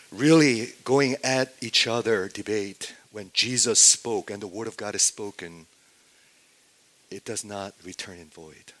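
A man preaching a sermon, often asking his congregation questions and swinging between loud declarations and near-hushed asides. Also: lowish voice. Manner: asks the congregation rhetorical questions. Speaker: pastor.

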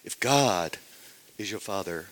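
A man preaching a sermon, often asking his congregation questions and swinging between loud declarations and near-hushed asides. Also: deep voice, animated, takes it slowly. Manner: asks the congregation rhetorical questions. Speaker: pastor.

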